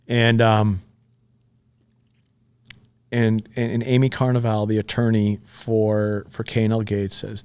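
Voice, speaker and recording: A middle-aged man, a podcast guest, telling a story casually and candidly, swearing freely and getting animated as he recounts it. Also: fairly low pitch, moderate pace.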